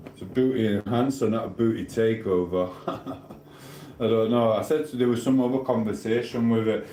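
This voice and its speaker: A man with a lowish voice chats away to his live-stream viewers in an easygoing, rambling way, often asking if they know what he means and breaking into laughter. His voice rings a little in a roomy home kitchen, with a faint hum of background sound behind him. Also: fairly even intonation, moderate pace, dark tone. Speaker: livestreamer chatting with viewers. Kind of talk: casual live-stream chat. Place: home kitchen while cooking.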